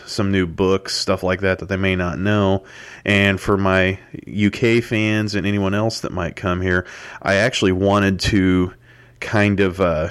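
A man's voice: low-pitched, clear, resonant tone. A man hosting his own podcast, talking in a loose, rambling way with many fillers and restarts. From United States. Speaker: podcast host. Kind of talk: solo podcast monologue.

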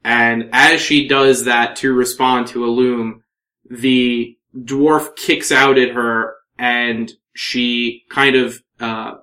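Slow, hesitant male game master. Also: mid-range voice, little pitch movement, sharp tone. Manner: hesitant, many fillers. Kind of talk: narrating a tabletop game.

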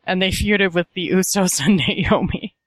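A woman's voice: fairly low pitch, measured pace, dry recording. Wry woman co-host in a dry room. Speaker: podcast co-host. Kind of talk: casual chat.

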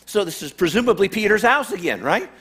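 High-voiced man preaching a sermon. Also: sing-song, fast, fairly bright tone, breathy edge. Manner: conversational, emphatic, repeats phrases for build-up. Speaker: pastor.

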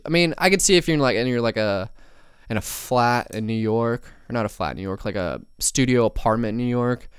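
A man's voice: mid-range voice, clear, resonant tone, no room sound, studio quality. Rambling, profane young man podcasting solo. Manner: rambling, profane, many fillers and asides. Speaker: podcast host.

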